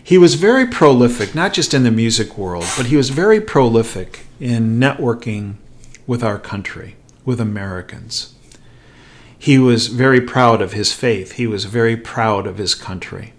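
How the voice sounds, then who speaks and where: A middle-aged man hosting a show, telling an anecdote in an animated way and acting out the quoted lines. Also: mid-range voice, moderate pace. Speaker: host. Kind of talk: storytelling commentary.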